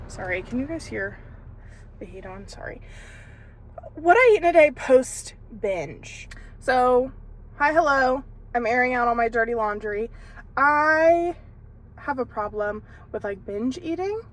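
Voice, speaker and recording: This casual vlog chat comes from a young woman in her car and out on errands over lunch, speaking candidly to a handheld phone with frequent fillers and laughs. Her fairly high, fairly bright voice is animated yet a little slow.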